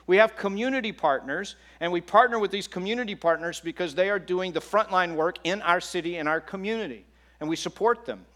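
In a fairly bright, high-sitting voice, a middle-aged pastor preaches as if chatting, regularly turning to the congregation with questions.

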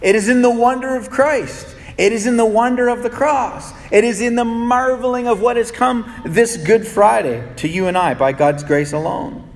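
A man preaching a sermon as pastor, his delivery swinging between soft, low pleading and raised, urgent peaks. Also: normal speed, hardly any pauses. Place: church sanctuary. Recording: long reverb of a large hall.

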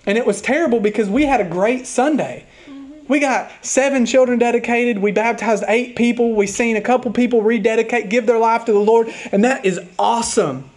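A pastor preaches a sermon, speaking earnestly and openly about a hard week, sometimes reading hymn lines slowly and softly. His voice is very high-pitched.

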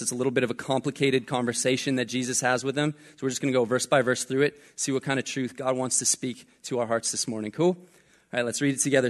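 Young guy preaching, chill and chatty, tells stories with lots of ums, joking around. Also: mid-range voice. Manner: relaxed storytelling with fillers and jokes. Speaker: pastor. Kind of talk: casual conversational sermon.

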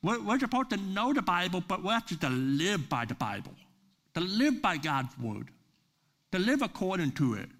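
A man preaching a sermon as pastor at a church service, earnest and building to forceful emphasis on key words. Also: sits high, very animated, moderate pace.

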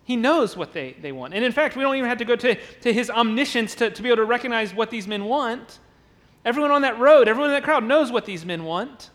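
A man delivers a sermon from the pulpit of a church sanctuary, and his voice sits unusually high for a man. He pushes his points with emphasis and repeated words, sometimes acting out the voices of a crowd. Long reverb from the hall trails behind him. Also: lively intonation, fast talker, fairly bright tone. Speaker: pastor.

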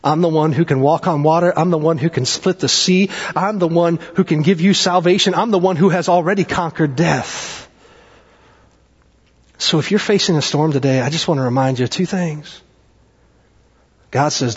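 A male pastor preaching a sermon, with dramatic swings in pitch and pace and chatty asides. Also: fairly even intonation, normal speed, husky. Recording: dull sound with long hall reverb.

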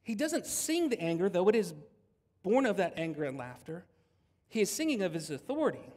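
A man gives a sermon from the pulpit in an easy, conversational manner. His voice sits a touch higher than most men's. The church hall around him adds a long, lingering reverb. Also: very animated, fairly quick, darkish tone. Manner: conversational, jokes with the congregation. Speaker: pastor.

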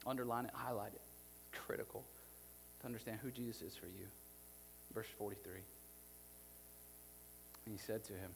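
A man's voice: fairly low pitch, steady tone, a little fast, long pauses, slight background noise. Preaching man in a reverberant hall. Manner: swings from hushed near-whisper to loud emphatic preaching. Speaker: pastor. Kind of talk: sermon. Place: church with a live congregation. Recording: long hall reverb with faint music behind.

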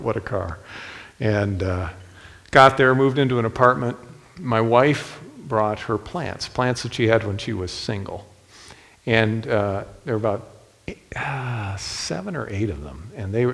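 A man's voice: lowish voice, vocal fry, big-room sound. A man preaching a sermon in a folksy storytelling manner, speaking directly to the men in the congregation. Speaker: pastor.

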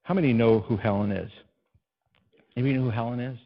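A pastor delivers a sermon in church at a quick pace, alternating between quiet, low stretches and loud, soaring moments and frequently questioning the congregation. The recording is muffled.

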